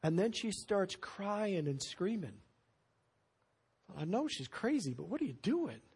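A man preaching a sermon as pastor, telling stories in an animated way with sudden loud bursts. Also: high-pitched, a little slow, breathy edge.

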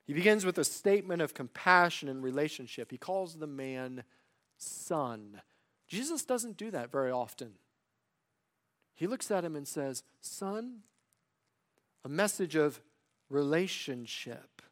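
A man preaching a sermon in earnest, swinging between loud emphasis and quiet, drawn-out phrases. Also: a little high, animated.

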